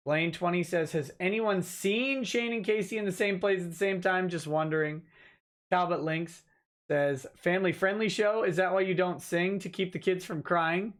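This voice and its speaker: High-voiced man reading chat, dry. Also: a bit bright. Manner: dry, offhand replies to chat. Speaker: lawyer and livestream host. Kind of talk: casual livestream chat reading viewer comments.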